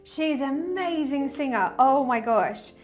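A woman giving a casual tarot reading, gushing and excitable, often breaking into bits of song. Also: sits high, measured pace, lo-fi sound, faint music behind. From Australia. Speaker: tarot reader.

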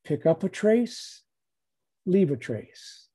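A man giving a reflective dharma talk in a measured way, repeating phrases and leaving long pauses. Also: high-pitched, sing-song, dark tone, breathy edge.

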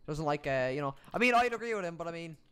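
An excitable man in a gaming session who puts on a mock Irish accent. His voice is high and very animated, and he rattles off his lines at a quick clip, yelling instructions whenever a fight breaks out. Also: crowd noise. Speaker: gamer. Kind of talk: casual gameplay chat.

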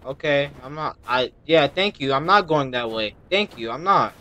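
A young man streaming a horror game, talking casually and nervously, repeating himself and yelping high when scared. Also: animated, normal speed, pushed and bright. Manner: casual slang, says "bro". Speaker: gaming streamer. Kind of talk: horror game let's-play commentary.

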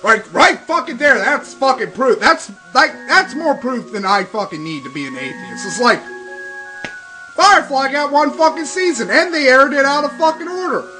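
A man's voice: very high voice, animated, normal speed, pushed and bright, rough recording. A young man doing profane, sarcastic let's play commentary, ranting and swearing constantly. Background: game music.

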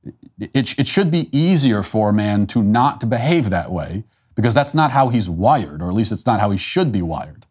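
A man's voice: lowish voice, sing-song, moderate pace, darkish tone, husky. A man hosting an opinion show, delivering a blunt, emphatic and scornful monologue. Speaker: host.

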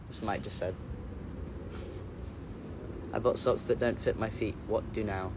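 A man's voice: fairly low pitch, fairly even intonation, measured pace, noisy background. Casual male livestream host; loose, playful, rambling, corrects himself mid-sentence. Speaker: musician hosting a livestream. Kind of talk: casual livestream chat, reading out viewer comments.

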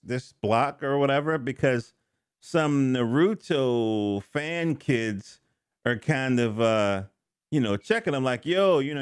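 Middle-aged male reviewer, casual rambling delivery, mid pitch, dry close sound. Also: clean tone, dry recording. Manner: rambling, self-correcting, joking asides. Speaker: comic book reviewer. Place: home studio.

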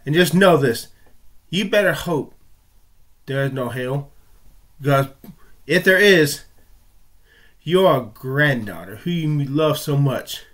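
A man hosting his video talks straight at the viewer in a confrontational, preaching way. His voice is a bit higher than usual for a man. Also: expressive, slow pace, pauses often, a bit bright. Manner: confrontational, addresses viewer directly. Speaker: video host. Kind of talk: preaching commentary.

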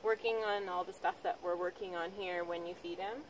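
A woman dog trainer calmly explaining, step by step, how she trains a dog. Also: brisk, noisy background. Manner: calm, practical explaining with frequent high-pitched praise to the dog.

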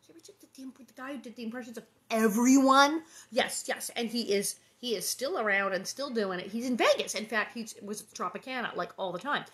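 A woman hosting an online book reading, chatting in a rambling, lively way with lots of fillers and quick laughs. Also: a little high. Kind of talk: casual chat between readings.

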